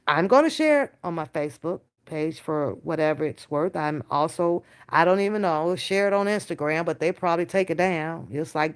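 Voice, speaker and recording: A woman hosting a reaction channel, chatting casually with her live viewers, swearing freely and talking in slang. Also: lowish voice. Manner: animated, swearing, slangy, talks to chat directly. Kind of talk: casual live-stream chat.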